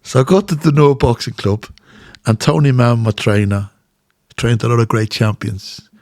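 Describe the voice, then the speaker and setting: A man's voice: mid-range voice, normal speed, no room sound, studio quality. A middle-aged man with a Dublin Irish accent telling stories in casual chat and acting out the voices he quotes. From Ireland. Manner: animated, acts out quotes. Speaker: guest, former boxer. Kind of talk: casual storytelling.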